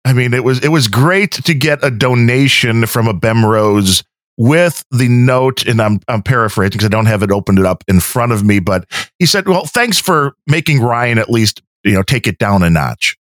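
A man co-hosts and edits a podcast, chatting casually and rambling while often breaking off his sentences. He speaks at a fairly low pitch and moderate pace, in studio quality with no room sound.

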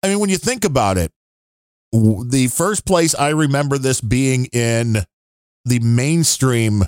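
A man's voice: medium pitch, expressive, unhurried, a little mellow, clean tone, no room sound, clean studio sound. A man co-hosting a podcast, rambling and grumbling through his opinions in casual chat. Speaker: podcast co-host.

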